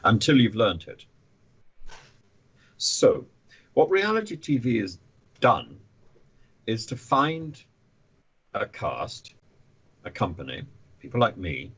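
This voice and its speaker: An animated man talking as a guest on a podcast, his voice husky and fairly low. His pitch swings widely as he talks. He often trips over his words and restarts sentences. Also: takes it slowly, long pauses. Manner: animated, with frequent stammered restarts. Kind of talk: conversational podcast interview.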